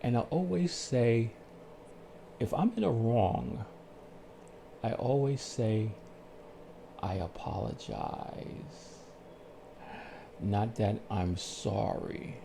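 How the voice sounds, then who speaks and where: A man calmly telling his life story on his own channel, in a soothing, unhurried way with pauses. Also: mid-range voice, creaky, noisy background. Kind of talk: slow reflective storytelling.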